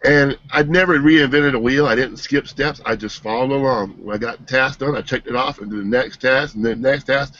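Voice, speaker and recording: A man giving an earnest, emotional personal testimonial, halting and restarting as he speaks. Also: medium pitch, a bit bright, dry recording. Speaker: team member giving a testimonial. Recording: dull, dry lo-fi sound.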